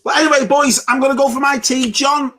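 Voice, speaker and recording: A man's voice: extremely high pitch, steady tone, brisk, bright, forceful tone. A man in his forties chatting as a guest on a video call, friendly and matey. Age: 40s. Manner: friendly, uses mate and lads.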